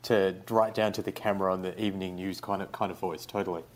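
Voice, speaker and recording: A young Australian man, a writer being interviewed, talking in a relaxed, rambling way with lots of fillers. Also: deep voice, fast talker. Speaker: guest, writer. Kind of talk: casual interview.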